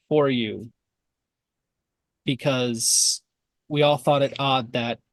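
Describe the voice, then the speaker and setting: Tabletop game figure: man playing a soothing cautious explorer, slow and hesitant. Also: medium pitch, dry recording. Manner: placating, hesitant restarts. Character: calm adult man explorer, placating.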